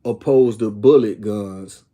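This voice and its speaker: Rambling man with a mellow voice. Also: lowish voice, slow. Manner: rambling, repeats "you know what I'm saying"; reads viewer comments aloud. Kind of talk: casual opinion talk to viewers.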